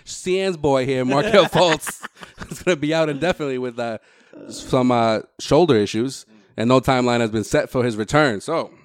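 A man's voice: medium pitch, normal speed, clear, resonant tone, dry recording, clean studio sound. A man co-hosting a casual sports podcast, teasing the others and chiming in with questions. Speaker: podcast co-host.

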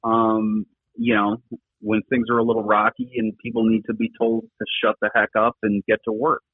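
A man's voice: on the low side, monotone, moderate pace, breathy edge, no room sound. A middle-aged man, a former coach, talking earnestly in a rambling interview with lots of fillers. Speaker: former rugby coach, podcast guest. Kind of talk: casual conversational interview talk. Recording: tinny phone-line audio, dry.

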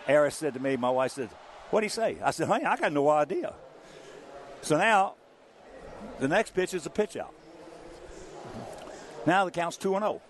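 An older man, a former ballplayer, telling stories as an interview guest in an animated, chuckling way. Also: a little high, normal speed, long pauses. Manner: animated storyteller, chuckling through anecdotes. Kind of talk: anecdotal interview storytelling.

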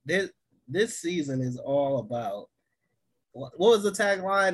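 A man co-hosting a podcast, talking in a casual, excitable way with lots of fillers and laughs. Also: a little high, measured pace, breathy edge. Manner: excited, laughs often, many fillers and restarts. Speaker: podcast co-host. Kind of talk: casual chat.

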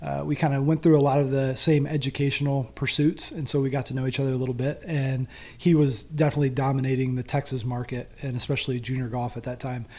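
Late 30s guy, golf coach, easygoing chat, laughs a lot, normal pitch. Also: level tone, fast talker, a little mellow. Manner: conversational, laughs easily. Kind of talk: casual interview conversation.

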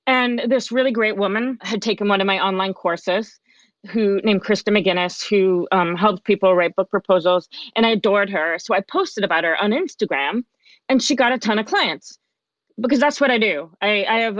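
An expressive woman speaking as an interview guest, telling a personal story with energy and slipping into other people's voices as she quotes them. Her voice sits at a middle pitch. The sound is a little dull and very dry, with no room around it. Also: fairly quick, no room sound. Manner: lively, animated storyteller who acts out quoted speech. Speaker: guest, life coach.

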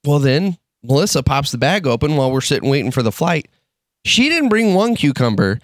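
A man from Michigan co-hosting a podcast, telling stories in casual chat, animated and swearing as he acts out quotes. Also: fairly high pitch, a little fast, no echo, clean studio sound. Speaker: podcast co-host.

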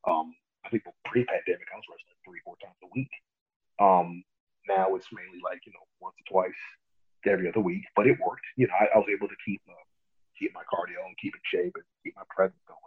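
A young man with a low, husky voice tells his story in a relaxed interview, laughing often and acting out what others said. The sound comes through a thin, phone-like line. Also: fast talker. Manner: animated, laughs often, acts out quotes. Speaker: pro wrestler guest.

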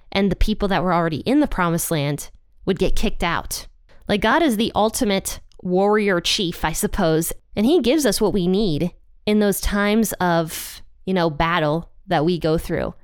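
A woman teaching a casual Bible lesson, chatty and self-deprecating, slowing down to stress key points. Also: mid-range voice, clear, resonant tone, dry recording, clean studio sound. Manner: chatty, laughs at herself, slows down to stress points.

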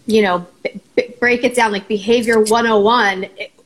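Woman therapist explaining calmly. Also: fairly high pitch, normal speed, low-quality recording. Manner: explanatory, steady, teaching tone. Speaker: therapist guest. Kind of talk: conversational explanation.

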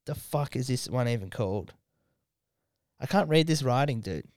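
Tipsy Australian man, smooth voice. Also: mid-range voice, lively intonation, normal speed, a little mellow, no room sound, clean studio sound. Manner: swears constantly, laughs through stories. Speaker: podcast host. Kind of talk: casual drunk chat.

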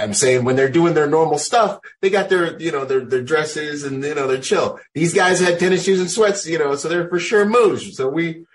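A man's voice: mid-range voice, low-quality recording. A military veteran, a man, recounting his experiences in loose, casual storytelling full of "like.".

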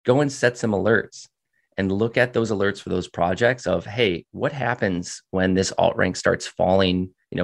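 Guy with a low gravelly voice, rambling along with lots of ums, easygoing interview guest. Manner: rambling, filler-heavy explaining. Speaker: guest from a crypto data company. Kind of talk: casual interview answer.

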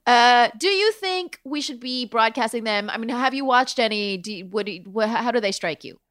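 A woman hosting a comedy podcast in casual chat, animated and self-mocking, tripping over her own words. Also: a little high, moderate pace, no echo, clean studio sound. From United States. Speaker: podcast host. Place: New York.

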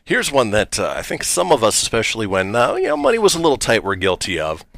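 A man hosting a radio show, reading funny text messages aloud with lively, laughing delivery. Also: lowish voice, quick pace, dry recording. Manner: lively, laughs between punchlines, switches voices for the quotes. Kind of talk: reading texts aloud on air, casual chat.

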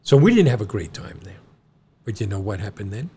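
A man's voice: on the low side, fairly quick, husky. A middle-aged man, co-host of a podcast, telling his son a long family story and acting out the people in it. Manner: animated storyteller, acts out quoted doctors. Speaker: podcast co-host, John's father.

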